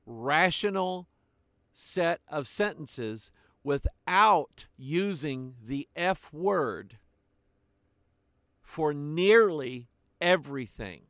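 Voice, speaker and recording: An older man preaching a sermon in a slow, deliberate way, with frequent pauses. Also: a little high, animated, a bit bright, dry recording, studio quality.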